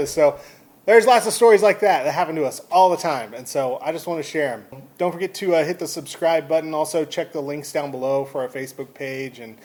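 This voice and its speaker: Texan man, a bit higher-pitched, animated casual vlogger telling a story. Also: brisk. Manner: rambling, animated, restarts.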